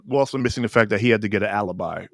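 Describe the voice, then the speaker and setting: A man's voice: fairly low pitch, racing, creaky, fairly bright tone, no room sound, studio quality. A man co-hosting a podcast, recapping a TV episode in casual, rambling chat full of restarts. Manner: rambling, many restarts and fillers. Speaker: podcast co-host.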